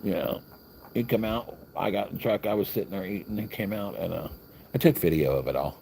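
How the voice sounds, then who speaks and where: A man's voice: sits low, brisk, creaky, mellow, a little hiss or hum. A man telling a long story on a livestream in a loose, rambling way, acting out the lines of the people in it. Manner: rambling, chatty, acts out other people's lines. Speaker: vlogger. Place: hotel, with crickets outside.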